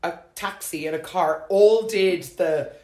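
A woman's voice: lowish voice, unhurried. A woman, co-hosting a podcast and telling stories in casual chat, swearing freely and often. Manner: swearing, animated storytelling. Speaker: podcast co-host. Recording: roomy echo.

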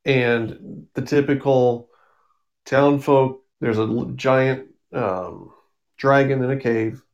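A man casually recapping and reviewing comic books, rambling with ums and self-corrections. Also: mid-range voice.

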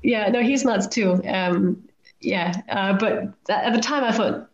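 Speaking in a mid-range voice at a measured pace, a chatty woman tells stories in a roomy room. The guest author and volcano climber is self-deprecating and acts out quoted lines in anecdotal podcast-interview storytelling, recorded on roomy, slightly dull remote audio.

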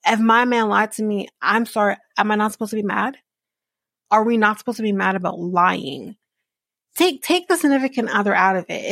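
A woman's voice: mid-range voice, gravelly, a bit bright, dry recording. A woman podcast host giving a casual, blunt and sarcastic recap of a reality show, swearing freely. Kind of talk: casual commentary.

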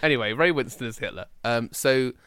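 A man's voice: mid-range voice, a little fast, a bit bright, clean tone, no room sound. A man chatting casually and joking, often slipping into silly voices. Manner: jokey, puts on silly voices. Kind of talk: casual chat.

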